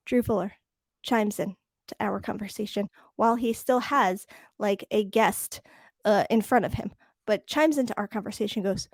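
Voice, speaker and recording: In a dry, studio-quality recording, a woman with a medium-pitched voice speaks at normal speed. She's co-hosting a podcast and shares a story conversationally, performing the dialogue as she goes.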